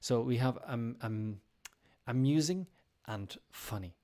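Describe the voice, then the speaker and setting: A man's voice: medium pitch, slow pace, warm tone. A man teaching English in a casual live-streamed lesson, explaining step by step with frequent ums and restarts.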